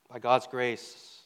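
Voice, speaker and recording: A man with a mid-range, slightly bright voice gives a sermon containing a personal story. His delivery is loose and conversational, with repeated words and frequent "right?" to the crowd. The recording has a long hall reverb.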